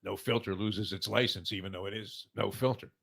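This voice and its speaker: Bright-voiced older man rambling on. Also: fairly low pitch, fairly even intonation, fairly quick, vocal fry, breathy edge. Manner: rambling storyteller, heavy "uh" fillers. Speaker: morning show host. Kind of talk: casual sports talk.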